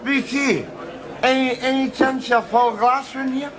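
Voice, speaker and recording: A boozy, blustering Scottish drunk. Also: male voice, very high voice, steady tone, a little slow, crowd noise. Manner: blustering, stammering restarts. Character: boozy, belligerent middle-aged man. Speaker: sitcom lead. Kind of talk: sitcom acting.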